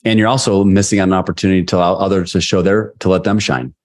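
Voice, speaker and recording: Deep-voiced candid male storyteller. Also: racing. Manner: candid, animated storyteller with many restarts. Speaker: guest, sales leadership coach. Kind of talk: storytelling interview answers.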